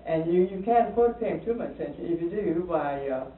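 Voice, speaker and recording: A woman telling a long anecdote in casual conversation, pausing on fillers and acting out the voices of the people in it. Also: on the low side. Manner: animated, acts out quoted voices, hesitant fillers. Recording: lo-fi distant echoey archival tape with hiss.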